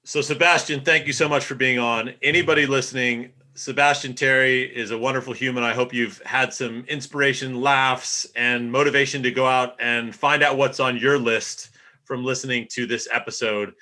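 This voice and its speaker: A man hosting a podcast, chatting with a guest and giving an energetic sign-off. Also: mid-range voice, moderate pace. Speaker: podcast host. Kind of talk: podcast interview chat.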